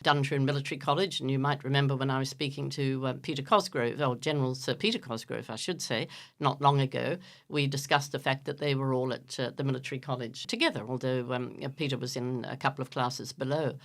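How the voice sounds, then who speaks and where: An Irish-born woman in her seventies, a radio host being interviewed, chatting in a self-deprecating way with plenty of fillers in a radio studio. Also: a bass voice. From Ireland. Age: 70s. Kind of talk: casual radio chat.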